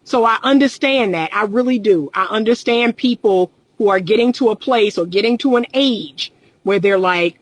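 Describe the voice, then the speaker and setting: A middle-aged woman talking in a casual livestream about relationships, candid and emphatic, circling back to her points with a laugh. Her voice sits at a medium pitch. The sound is dry and close, with no room around it. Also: normal speed, no echo, rough recording. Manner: candid, emphatic, repeats phrases, laughs often. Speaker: relationship coach.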